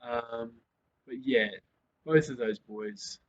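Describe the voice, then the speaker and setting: A man hosting a casual sports rant, swearing often and growing loud and worked up. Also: mid-range voice, slow pace. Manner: swears a lot, gets loud and fired up. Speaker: host. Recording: slightly dull lo-fi sound.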